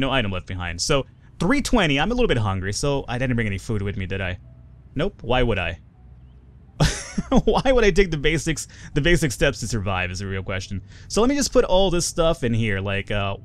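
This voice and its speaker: A young man chatting casually through a survival game, swearing often and jumping up in pitch when excited. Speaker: gaming video host. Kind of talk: casual let's play commentary.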